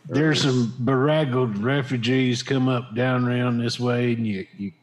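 A man voicing a blunt, gruff male adventurer with an American Western accent and a folksy drawl. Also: medium pitch, steady tone, measured pace, close to an everyday voice, poor audio. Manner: folksy, drawling, stumbling over names.

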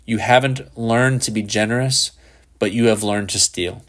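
A man's voice: lowish voice, normal speed, fairly bright tone, natural voice. A man doing a bitter exasperated father. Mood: cold. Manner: bitter, clipped.

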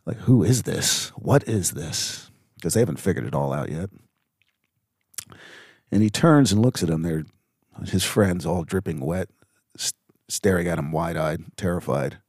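A middle-aged man hosting a reflective faith podcast, speaking earnestly and haltingly with many fillers. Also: sits low, animated, darkish tone, no echo, studio quality. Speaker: podcast host.

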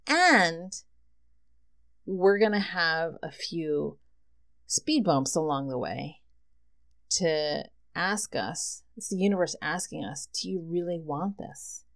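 A woman hosting a solo podcast, reading tarot cards and talking in an excited, effusive way. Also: low voice, slow pace. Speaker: podcast host.

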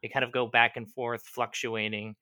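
Bright, crisp-voiced male game master. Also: medium pitch, flat delivery. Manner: descriptive, unhurried with frequent ums. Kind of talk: narrating a tabletop game.

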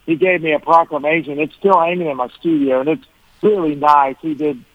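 A man's voice: on the high side, steady tone, fairly quick, dry recording. A man, a guest musician, telling rambling stories in a casual interview, often restarting and chuckling. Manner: rambling, self-correcting, chuckling. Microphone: phone. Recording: tinny phone line.

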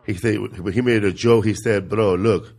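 A man, co-hosting a podcast and chatting casually with quick, slangy asides. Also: fairly low pitch, fairly even intonation, a little mellow. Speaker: podcast co-host. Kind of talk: casual chat.

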